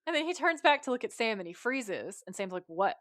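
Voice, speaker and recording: A woman's voice: fairly high pitch, a little fast, dry recording, clean studio sound. A woman co-hosting a podcast, retelling TV scenes in casual chat and quoting the characters' lines. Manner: animated retelling, quotes characters. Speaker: podcast co-host.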